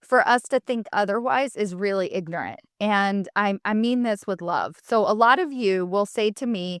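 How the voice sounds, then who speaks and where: A woman hosting a solo podcast, talking to listeners in a candid, story-driven way that moves into practical coaching. Her voice is smooth and clear, at a middle pitch. The sound is close and dry. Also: brisk, few pauses, a bit bright, dry recording. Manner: candid, chatty storytelling with self-quotes; coaching, advice-giving. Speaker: podcast host.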